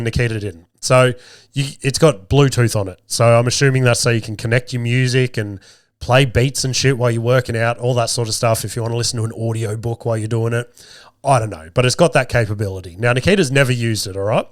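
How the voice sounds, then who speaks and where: A man's voice: mid-range voice, no room sound, clean studio sound. A man in his thirties with a strained, sore throat, rambling through a profane, self-mocking story as a podcast host. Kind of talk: casual storytelling monologue.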